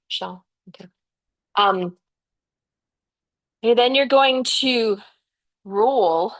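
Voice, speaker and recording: A woman's voice: a little high, fairly bright tone. A woman teaching a yoga and fascia class. She guides and encourages her students in a chatty way, with frequent "yeah" and "okay". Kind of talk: guiding a live yoga class.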